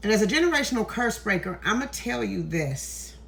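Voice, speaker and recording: A woman's voice: medium pitch, very animated, a little fast, gravelly, a bit bright, slight background noise. Emotional woman preaching into her phone. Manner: emphatic, preachy, emotional, swears freely. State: near tears. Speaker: tarot content creator. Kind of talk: emotional vlog monologue. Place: indoors, walking in a hallway.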